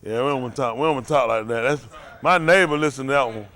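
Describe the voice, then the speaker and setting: A man hosting a casual trivia game, joking with the teams and getting animated when he argues his point. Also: quick pace. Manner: animated, jokey, rising to high exclaims. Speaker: quiz host.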